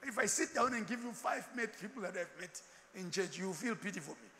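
A bishop preaches in a high, sharp voice, throwing questions to his listeners and telling stories with humour. His sermon rings with long reverb through a church hall, over faint background noise. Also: animated, brisk. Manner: call-and-response preaching with rhetorical questions; humorous storytelling, laughs often.

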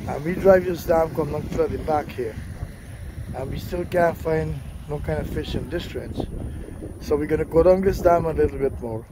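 Man, high voice, enthusiastic vlogger, outdoor camera mic, heavy vehicle noise. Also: moderate pace. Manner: enthusiastic, chatty, addresses viewers directly. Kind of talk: casual vlog narration. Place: outdoors in rural bush, often driving a vehicle. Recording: outdoor recording with loud engine and wind noise.

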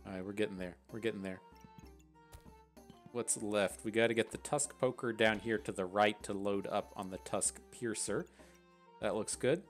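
A low-pitched man with a broad West Virginia Appalachian drawl talks through a game in loose, rambling commentary. He swears casually and keeps a chatty, offhand tone. Faint music plays underneath. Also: steady tone, moderate pace. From West Virginia, USA. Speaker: gaming channel host.

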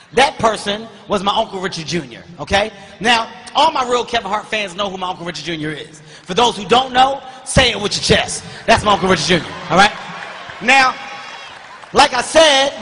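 A man performing a stand-up comedy routine, telling a story animatedly and often shouting, recorded live on stage. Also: high voice, big-room sound, a little hiss or hum. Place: comedy stage before large audience.

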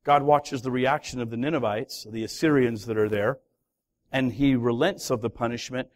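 A man, a pastor, preaching a sermon with dramatic storytelling that swings from loud to hushed. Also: mid-range voice, normal speed.

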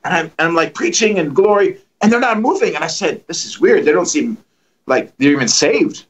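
A middle-aged man preaching, telling testimony stories in an animated way and acting out the dialogue. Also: on the high side, brisk, poor audio. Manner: animated, acts out dialogue with lively voices. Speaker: guest preacher. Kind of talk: storytelling testimony.

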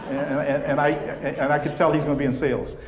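A man speaking from the stage at a conference, his voice a little on the high side. He tells stories in a chatty, animated way with plenty of fillers, and the sound carries the echo of a large hall. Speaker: keynote speaker. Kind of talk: conference keynote talk. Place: conference venue.

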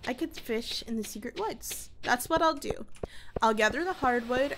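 A woman's voice: a little high, background noise. A young woman giving playful, chatty commentary while playing a farming game, talking to herself and her viewers. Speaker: gaming youtuber. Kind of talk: casual let's-play commentary.

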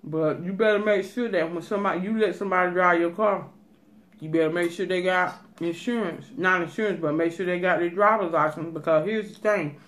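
A woman's voice: fairly low pitch, brisk. Woman giving emphatic casual advice. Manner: emphatic, advice-giving, repeats "let me tell you". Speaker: cooking and mukbang vlogger. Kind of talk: casual chat.

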